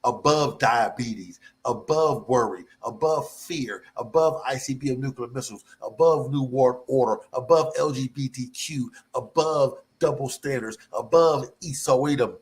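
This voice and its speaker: Slow, fervent preaching man. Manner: fervent, repetitive, with sudden high whoops; slow and drawn out. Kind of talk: sermon.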